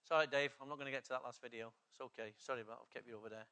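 A male pastor, preaching an urgent, exhorting sermon that builds to loud, emphatic passages. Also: mid-range voice, steady tone, very fast, clean tone.

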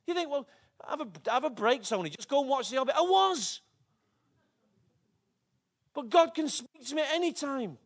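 Male pastor with a very high voice, preaching an emotional, fervent sermon. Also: lively intonation, normal speed, long pauses. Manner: fervent, emotional, with big swings in pitch and loudness.

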